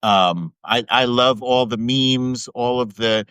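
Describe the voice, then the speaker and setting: A man's voice: mid-range voice, slow pace, a bit bright, smooth, dry recording, poor audio. A man talking on a live video stream in casual political chat, upbeat and emphatic, laughing often.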